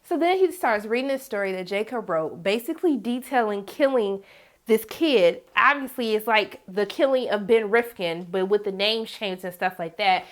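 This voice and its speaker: A woman hosting a casual TV episode recap, talking straight to viewers in an animated, slangy, dramatic way. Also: medium pitch, moderate pace. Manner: animated, dramatic, acts out characters in quotes; slangy, emphatic, talks to viewers. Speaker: TV recap host.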